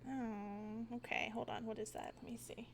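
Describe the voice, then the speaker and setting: A woman playing a tabletop game with friends. She is chatty and laughs easily while checking her rolls. Her voice sits a little higher than most. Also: level tone, normal speed, a little hiss or hum. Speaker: player. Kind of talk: casual tabletop play.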